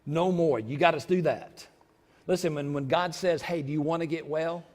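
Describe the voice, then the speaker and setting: A man preaching a sermon in church, repeating lines for emphasis and breaking into loud shouts. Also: on the high side, steady tone, moderate pace. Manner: preaching with sudden shouted outbursts; repetitive, emphatic delivery. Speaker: pastor. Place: church sanctuary.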